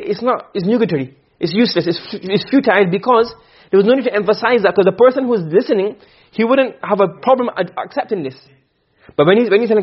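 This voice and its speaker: The speaker is a fast-talking man with a high-pitched, slightly rough voice, heard on a dull lo-fi recording of a classroom. He teaches Arabic rhetoric in careful steps, acting out short quoted dialogues and regularly making sure students can follow.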